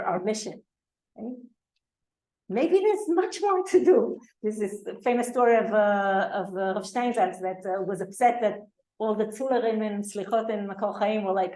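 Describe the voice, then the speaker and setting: A woman's voice: mid-range voice, darkish tone, echoey room. A woman teaching a Torah class in a conversational way, full of asides and checks with her listeners. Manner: conversational, with fillers and frequent asides. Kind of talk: lecture to a class.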